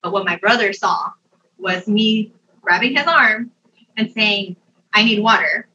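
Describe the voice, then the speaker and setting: A young adult woman telling a personal story in a casual, animated way, laughing often and using lots of fillers. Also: mid-range voice, a little slow, a little hiss or hum. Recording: dull, distant mic sound.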